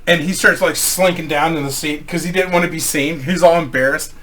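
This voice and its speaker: A man's voice: a little high, steady tone, brisk, bright, forceful tone. A man from Missouri telling a rambling, profanity-filled anecdote in a casual style. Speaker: storyteller.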